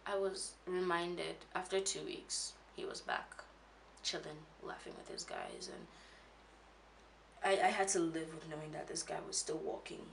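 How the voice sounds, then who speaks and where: Young woman vlogger, low and gravelly, halting and shaken confessional telling. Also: huge pitch swings, a little hiss or hum. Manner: halting, with many restarts and fillers. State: emotional, shaken when recalling. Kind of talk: personal confessional story.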